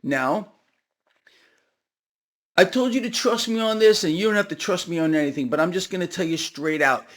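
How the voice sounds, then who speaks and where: A man hosting a market commentary video, talking straight to his viewers in a casual, animated and sarcastic way. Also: high-pitched, moderate pace, long pauses.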